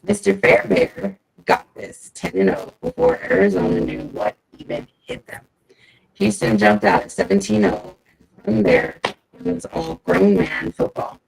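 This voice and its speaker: A woman's voice: medium pitch, vocal fry, rough recording. A woman hosting a casual podcast segment, telling a game recap in upbeat, slangy storytelling. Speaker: segment host, team fan.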